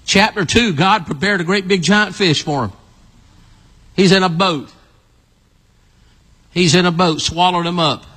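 A man preaching an animated sermon, acting out a story with volunteers and calling out to the congregation. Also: unhurried, long pauses, breathy edge, long reverb tail. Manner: animated, calls out to the audience, builds to excited high shouts.

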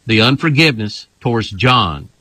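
A man's voice: mid-range voice, animated, normal speed, bright, forceful tone, slightly rough, no echo, rough recording. A man, a pastor, teaching in a casual, emphatic way and often repeating his phrases.

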